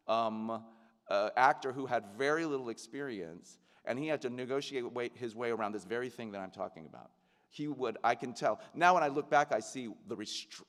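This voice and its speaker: A man's voice: medium pitch, a bit bright. A middle-aged man, an actor, giving a heartfelt and reflective commencement speech. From United States. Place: large ceremony venue. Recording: long reverb of a large venue.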